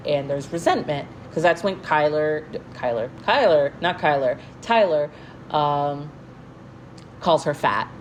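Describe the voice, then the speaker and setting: A young woman with a low voice gossips casually, swearing freely and circling back with fillers and restarts. Her delivery is loose and conversational, like a commentary vlog. Faint background noise sits under her voice. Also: darkish tone, poor audio. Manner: chatty, profane, frequent fillers and restarts. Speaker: commentary vlogger.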